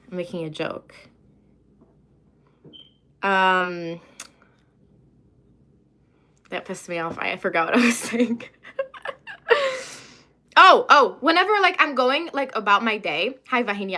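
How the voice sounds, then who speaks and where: Bright rambling young woman streamer. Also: fairly high pitch. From Lebanon. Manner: rambling, chatty, loses her train of thought. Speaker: livestreamer. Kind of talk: casual livestream chat, reading comments.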